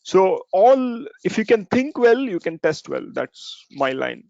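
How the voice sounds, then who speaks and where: Male speaker, slightly higher-pitched and gravelly, casual teaching talk; dull, dry lo-fi recording. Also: big pitch swings, a little slow, dark tone, no room sound. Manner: conversational, frequent "right?" and "uh" fillers. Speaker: software testing speaker. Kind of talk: informal talk.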